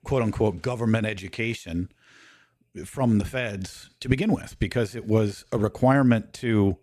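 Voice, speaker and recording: A man's voice: mid-range voice, moderate pace, mellow, dry recording, studio quality. A man in casual talk, lecturing and walking through his points one by one.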